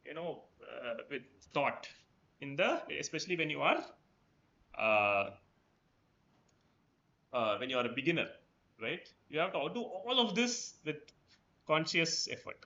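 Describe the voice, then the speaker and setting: A man's voice: on the high side, sing-song, unhurried, long pauses, bright, forceful tone. A professor giving a conversational lecture to students, who keeps checking in with "right?" after his points. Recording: dull, roomy lecture hall sound.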